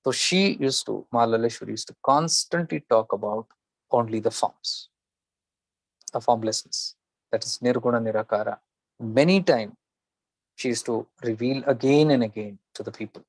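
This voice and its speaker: A man with a fry-edged voice tells an old spiritual story to his listeners, stepping into the characters' lines and circling back to rephrase himself. The sound is dry and close, with no room around it. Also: medium pitch, moderate pace, no echo, poor audio. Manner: retells a legend, acting out the characters' lines, with frequent restarts.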